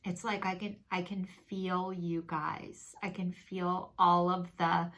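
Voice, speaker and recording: Slow, earnest woman giving a spiritual card reading. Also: lowish voice, gravelly, a bit bright. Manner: slow, earnest and consoling, with many pauses. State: tearful. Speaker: tarot and oracle card reader.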